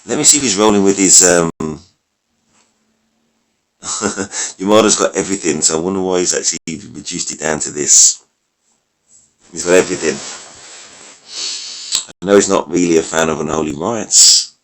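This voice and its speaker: Losing his voice, which sounds a little worn, a man who creates mobile game videos gives casual commentary on card game decks. He speaks low-pitched at a moderate pace, pausing often as he rambles, thinks aloud, and corrects himself.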